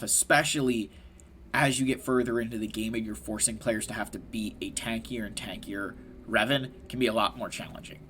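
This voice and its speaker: Emphatic man, slightly husky voice. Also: mid-range voice. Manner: passionate, emphatic, keeps adding "right?"; animated, laughs at himself. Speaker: gaming content creator. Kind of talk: casual explainer commentary.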